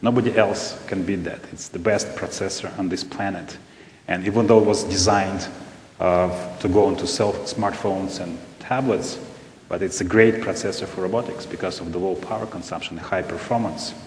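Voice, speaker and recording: A man with a Russian accent, a native Russian speaker, answering a question on a panel in a halting way, with many fillers and restarts. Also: fairly even intonation. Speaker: panelist, robotics company scientist. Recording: echoey hall with faint rumble.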